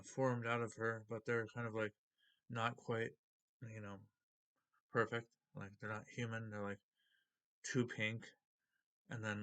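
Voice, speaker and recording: A man's voice: fairly low pitch, fairly bright tone. A man hosting a comic book video, casually retelling a story and unboxing comics in a loose, rambling way.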